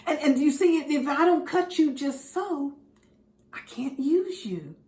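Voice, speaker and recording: Woman as a gentle, deliberate master gardener. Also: high voice, roomy sound, voice pushed up. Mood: tender.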